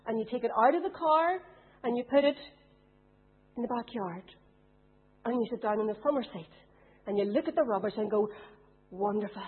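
A woman's voice: fairly high pitch, breathy edge. A woman preaching a sermon, putting questions to her congregation. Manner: asks the congregation rhetorical questions. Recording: tinny phone-like sound.

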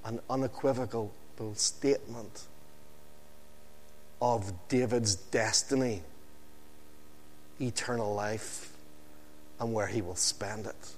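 A man preaching an evening sermon, slow and emphatic, with dramatic pauses and phrases that sink low and quiet at the end. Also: steady tone, big-room sound, a little hiss or hum.

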